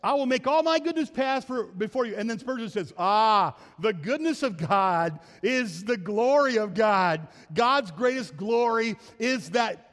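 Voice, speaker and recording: A man's voice: lively intonation, measured pace, few pauses. A middle-aged man with an American Midwestern accent, a pastor preaching a sermon, quoting scripture and calling for amens from the congregation. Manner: drops to a soft, low storytelling voice in anecdotes. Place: church sanctuary. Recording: church hall reverb.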